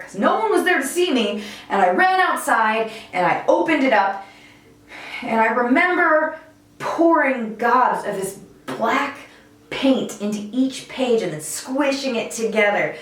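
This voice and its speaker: Woman vlogger, animated and candid, swears casually; fairly high, very lively voice, echoey room, mic set back. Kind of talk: personal storytelling vlog. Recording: very echoey room, mic far off, faint music.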